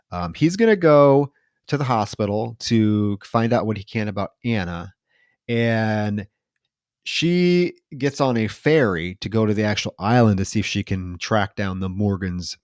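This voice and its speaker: Male podcast co-host, lowish voice, dry close sound, rambling chatty recap. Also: no room sound. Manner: rambling, animated retelling with fillers. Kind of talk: casual chat recapping a film.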